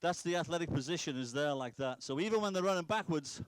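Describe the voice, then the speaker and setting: A man's voice: on the high side, lively intonation, fast, clear, resonant tone, dry recording. A middle-aged man from Britain, a soccer coach calling out instructions during a drill demonstration. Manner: directive, instructive, calls out drills.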